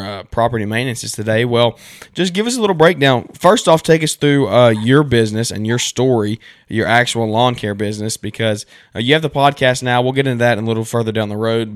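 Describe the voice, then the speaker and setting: A man with a Southern American accent hosts a podcast in a chatty, enthusiastic way. His voice sits at an ordinary middle pitch. The sound is dry and close, with no room echo. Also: clear, resonant tone. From southern United States. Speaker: podcast host. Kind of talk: casual interview chat.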